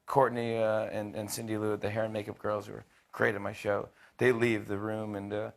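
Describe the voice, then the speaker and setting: A man in his thirties, a talk show host, telling a casual anecdote with lots of restarts, quick impressions and laughter. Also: on the low side, flat delivery, gravelly.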